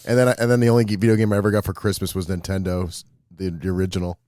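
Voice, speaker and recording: A man's voice: deep voice, level tone, very fast, a little mellow, no echo. A man in his forties from Rhode Island, co-hosting a podcast, wry and grumbling with dry humor. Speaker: podcast co-host. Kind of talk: casual chat.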